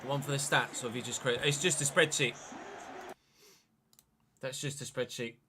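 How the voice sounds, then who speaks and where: At a moderate pace and with fairly even intonation, a young man with a mid-range voice streams a football management game, casually chatting, swearing and answering his viewers. Background noise is audible.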